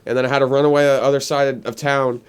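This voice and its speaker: A man's voice: mid-range voice, level tone, fast talker, smooth. Rambling young man telling a story. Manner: rambling storyteller, heavy on filler "like", laughs often. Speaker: podcast host. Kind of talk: casual chat.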